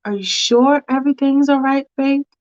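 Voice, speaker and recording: A woman voicing a calm, busy businessman who sounds slightly distracted. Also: high-pitched, moderate pace, no echo, pitched above the performer's own voice, lightly acted. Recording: dull lo-fi recording.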